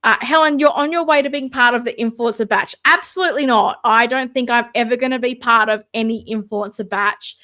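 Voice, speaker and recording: A woman's voice: on the high side, fairly quick, few pauses, pushed and bright. An Australian woman hosting a casual livestream, chatting and answering viewer comments. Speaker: livestream host.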